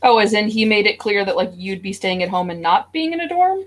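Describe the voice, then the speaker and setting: A woman's voice: medium pitch, expressive, brisk. A woman talking through her drawing session on a video call. She is chatty and loose, with plenty of "like" and "um" along the way. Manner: chatty, with fillers like "like" and "um". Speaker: artist in an online drawing group. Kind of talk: casual chat while drawing. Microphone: video call mic.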